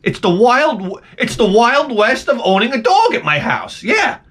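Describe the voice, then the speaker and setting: A man's voice: extremely high pitch, big pitch swings, measured pace, a bit bright, breathy edge. A man telling a rambling, profane story in a casual comedic rant to his vlog audience. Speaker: vlogger.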